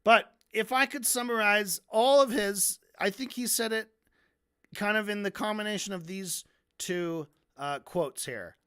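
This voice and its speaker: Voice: medium pitch, a little slow, fairly bright tone, smooth. A stream host going over a debate in casual, sarcastic commentary. The host swears freely and mocks the debaters by acting out their lines, and sips coffee between points. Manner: sarcastic and heavily profane; drinks coffee between remarks.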